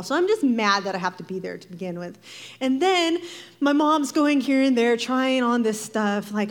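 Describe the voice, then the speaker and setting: A woman giving a devotional talk, telling a personal story in a lively, animated way, acting out voices and laughing often. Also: sits high, normal speed. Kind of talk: sermon-style personal storytelling.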